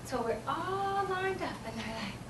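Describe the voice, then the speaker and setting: A woman giving a humorous contest speech, animated and acting out children's voices in a stage storytelling style. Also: a little slow, heavy background noise. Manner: animated, acts out children's voices in high squeals. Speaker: speech contest speaker, teacher. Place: event hall. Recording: roomy hall, mic from a distance.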